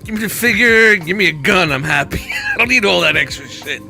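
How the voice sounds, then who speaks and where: A man co-hosting a collectors' podcast, loud and joking, swearing freely in casual chat. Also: high-pitched, expressive, brisk, gravelly, music in the background. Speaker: podcast co-host.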